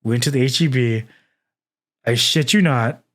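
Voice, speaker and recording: A man's voice: medium pitch, unhurried. A man in his thirties from Texas, hosting a casual podcast chat and telling stories with lots of swearing. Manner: profane, animated storyteller. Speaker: podcast host.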